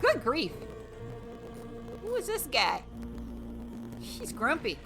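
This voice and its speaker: A woman's voice: sits high, wildly swooping pitch, slow pace, gravelly, pauses often. A woman streaming a video game, chatting along with giggles and exclamations, with game music behind. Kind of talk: live game commentary.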